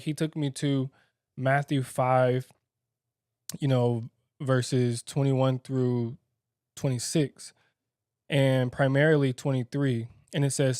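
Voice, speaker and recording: Reflective man, halting and candid. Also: medium pitch, darkish tone, no echo, clean studio sound. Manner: reflective, halting, filler-heavy. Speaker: podcast co-host. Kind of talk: candid married-couple conversation.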